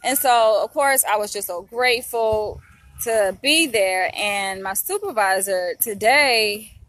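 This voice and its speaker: A young woman talks straight into her own camera in a loose, chatty vlog. Her voice is bright and clear, and she speaks with open emotion, often calling out to her viewers as she tells her story. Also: mid-range voice, slow, no echo. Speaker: vlogger, psychology trainee. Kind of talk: casual chat to camera.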